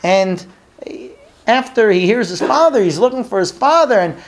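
A man's voice: sits high, animated, moderate pace. A man teaching a Bible lesson, telling the story with acted-out dialogue and putting questions to his listeners, sometimes repeating words as he thinks. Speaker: Torah teacher.

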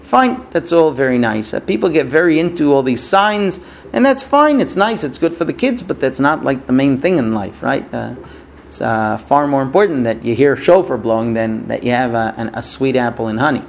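He speaks in a mid-range, animated voice with vocal fry, a middle-aged man preaching in English as a second language. His sermon is loose and full of stories, marked by halting restarts and quoted voices he acts out.

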